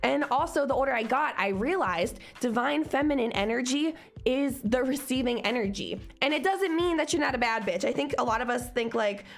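A woman's voice: sits high, expressive, a little fast. A young woman co-hosting a podcast, chatting casually in a loose, profane, confident pep-talk manner. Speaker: podcast co-host. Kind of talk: casual chat.

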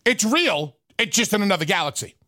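Lively high-voiced male co-host. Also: fairly quick, dry recording, clean studio sound. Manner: earnest, defensive fan, playful. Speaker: radio co-host. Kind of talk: bantering radio talk.

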